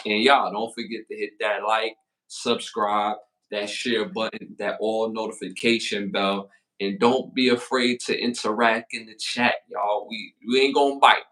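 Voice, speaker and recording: A man with a Brooklyn accent co-hosting a hip-hop podcast, hyping up the chat with slangy shout-outs in casual talk. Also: lowish voice. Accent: Brooklyn, New York. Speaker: podcast co-host.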